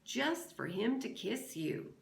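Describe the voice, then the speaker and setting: A woman voicing a drunk, lecherous small-town sheriff who speaks in a slow drawl, read aloud in an echoey room. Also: a little high, very animated, vocal fry, pitched above the performer's own voice, full character voice. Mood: leering drawl.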